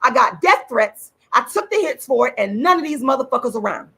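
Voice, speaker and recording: An enraged woman rants on her livestream, swearing and repeating her points. Her voice is high and swoops widely, with a gravelly edge and a bright, forceful tone. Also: sing-song, a little fast. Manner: furious, profane, repeats points for emphasis. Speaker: channel host and activist. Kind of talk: angry livestream rant.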